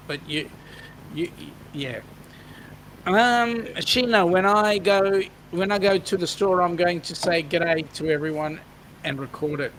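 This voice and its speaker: A man's voice: a little high, a bit bright, slight background noise, poor audio. An Australian man hosting a casual live-stream chat, reading out viewer comments and joking along. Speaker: host.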